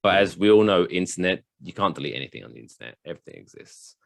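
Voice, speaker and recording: A man's voice: deep voice, expressive, racing, creaky, no echo. A man hosting a casual comedy podcast, rambling through a story and swearing freely. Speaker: podcast host.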